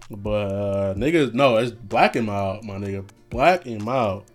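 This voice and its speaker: A man's voice: lowish voice, expressive, a little slow, hardly any pauses, soft background music. Laid-back, profane young man chatting. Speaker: podcast host. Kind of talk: casual solo chat.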